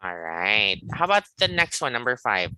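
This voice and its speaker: Lively male English teacher, dry sound. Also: fairly low pitch, smooth, no echo, rough recording. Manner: patient, repeats model phrases slowly. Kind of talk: live online pronunciation lesson.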